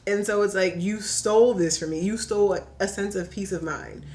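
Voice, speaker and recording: Woman guest from Virginia, casual chat, animated storyteller, mid-range voice. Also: medium pitch, brisk, slight background noise. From Hampton Roads, Virginia. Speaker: podcast guest.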